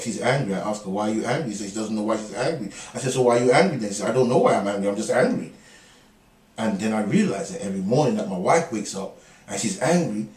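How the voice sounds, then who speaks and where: A middle-aged man, guest in a casual interview, has a somewhat low, slightly mellow voice. He laughs often and tells jokes and rambling stories, recorded with the mic far off in an echoey room with faint ambience.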